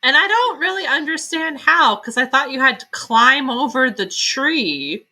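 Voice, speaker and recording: A woman's voice: sits high, expressive, unhurried, bright, forceful tone. A woman co-hosting a podcast, blunt and laughing often, swearing freely in a casual book review. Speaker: podcast co-host.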